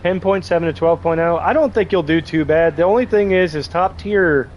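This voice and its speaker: A man's voice: on the high side, a little fast, dull audio, slight background noise. A man streaming a tank game, casually chatting and joking while reading viewer messages aloud. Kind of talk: casual gaming livestream chat.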